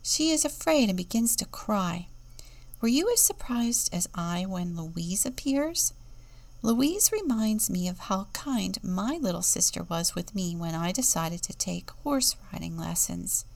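A woman deacon reading a children's book aloud with expressive, sometimes whispered storytelling, then reflecting on it. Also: medium pitch, measured pace, gravelly.

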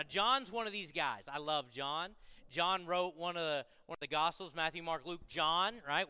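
A man with a high, bright voice preaches a sermon, talking with the congregation in a casual way before building into strong, repeated phrases. His voice comes through clean and close, with a long reverb from the hall trailing behind it. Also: clean tone. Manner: conversational, building to emphatic repetition. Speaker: pastor.

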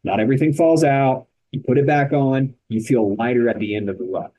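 The founder of an endurance organization appears as a guest on a casual podcast, telling stories energetically and emphatically in short, punchy sentences. He speaks briskly in a medium-pitched voice, though the recording is muffled.

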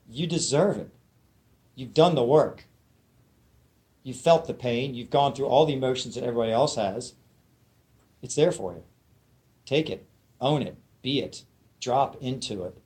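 A man's voice: mid-range voice, a little mellow. Emphatic man giving a spiritual lecture. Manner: emphatic and conversational, often checking in with listeners. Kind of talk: spiritual lecture to a live audience. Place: lecture room with an audience.

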